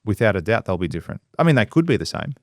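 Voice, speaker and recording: A man's voice: lowish voice, racing, no echo. Blunt, profane man in a dry room. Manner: blunt and profane, acts out quoted people in lively voices. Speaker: construction business owner and podcast co-host. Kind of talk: casual podcast discussion.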